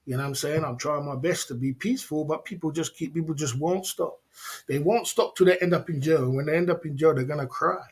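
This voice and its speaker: A man's voice: on the high side, fast. Indignant man ranting on a livestream. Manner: indignant, repetitive, slangy, laughs often. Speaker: livestream host. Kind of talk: casual livestream rant.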